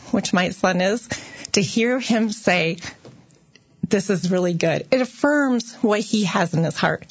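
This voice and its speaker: A woman's voice: mid-range voice, breathy edge, no room sound, dull audio. A woman sharing heartfelt thoughts about faith and family as a guest. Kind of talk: casual faith talk.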